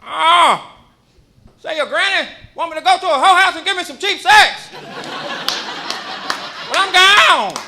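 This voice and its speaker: Boastful old grandpa, hard of hearing, loud; put on by a male comic. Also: very high voice, expressive, a little slow, long pauses, crowd noise, background noise, pitched above the performer's own voice, exaggerated voice. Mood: hollering. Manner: hollering, boastful. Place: comedy club stage.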